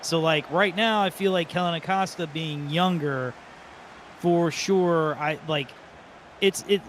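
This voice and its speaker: A man co-hosting a soccer podcast, talking casually in a rambling, excitable way during a live watch party. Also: fairly high pitch, measured pace, slight background noise. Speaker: podcast co-host.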